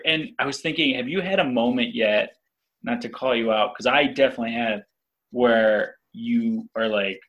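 A man, a father and podcast co-host, chatting casually and rambling, acting out yelled quotes. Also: mid-range voice, normal speed, lo-fi sound. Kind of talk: casual family chat.

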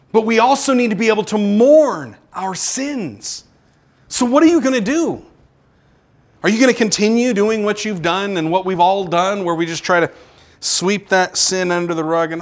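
A male pastor delivers a sermon in a fairly high voice. He presses his listeners with repeated rhetorical questions, surging to urgent heights and then dropping low and quiet. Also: a little slow. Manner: preaching with rising intensity and repeated rhetorical questions.

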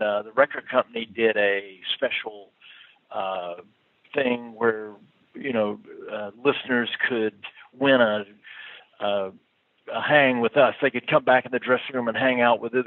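A man with a medium-pitched voice and fairly even intonation speaks at a moderate pace, recorded dry over a tinny, phone-like line. A former touring musician, he tells a casual, rambling road story, chuckling and filling it with fillers.

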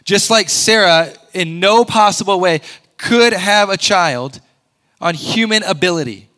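A man preaching a sermon, conversational and earnest, often rising to loud emphatic peaks. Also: high-pitched, measured pace. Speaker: pastor.

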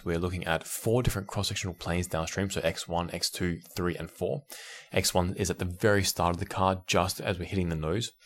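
Deep-voiced man hosting a science podcast. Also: fairly bright tone. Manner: enthusiastic, explanatory, occasional restarts and laughs. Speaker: podcast host. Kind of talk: educational podcast talk.

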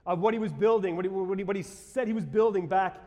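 A man preaching a sermon as pastor, conversational and exclamatory with sudden shouts. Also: sits high, fast talker. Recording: long reverb of a large hall.

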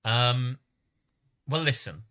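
A man's voice: slow, clear, resonant tone. A man from England co-hosting a casual chat, telling stories with lots of laughter. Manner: animated storyteller, often laughing, jumps into high mock voices. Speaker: podcast co-host.

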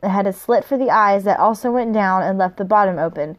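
A woman with a mid-range voice reads fantasy fiction aloud at a fairly quick clip. Occasionally she stumbles on a tricky word, and she laughs as she stops to talk about the story.

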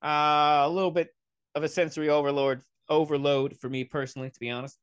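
A young man hosts a podcast, delivering a comedic solo rant that's sarcastic, profane and rambling, spoken into a close mic. His voice is on the high side, flat and smooth, moving quickly with no room sound.

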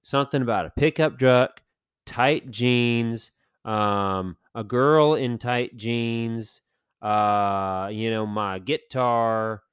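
A man co-hosting a podcast, telling animated, rambling stories in casual chat with lots of fillers. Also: medium pitch, slow, smooth, no echo, studio quality. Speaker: podcast co-host.

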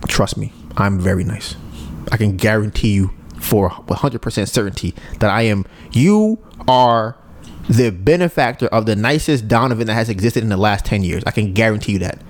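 A man's voice: lowish voice, moderate pace. A man hosting a podcast in casual chat, ranting and sarcastic, often repeating himself. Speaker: podcast host.

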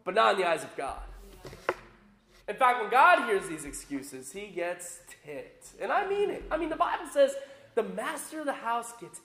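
A pastor, a man with young children, giving an emphatic, animated sermon mixed with a personal story. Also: sits high, moderate pace, slight background noise. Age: adult with young children. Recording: roomy echo.

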